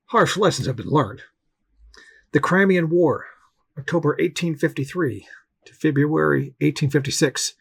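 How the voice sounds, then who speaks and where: A man with a gravelly, somewhat husky voice reads a history commentary aloud. His delivery is steady and measured, at a middle pitch, with the odd restart when he trips over a line. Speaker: political commentator.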